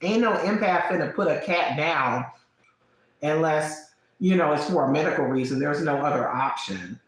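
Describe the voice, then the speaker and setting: With a low, expressive voice at a moderate pace, a woman in her late thirties livestreams from a very echoey room. She talks candidly with viewers at home, laughing often and snacking throughout.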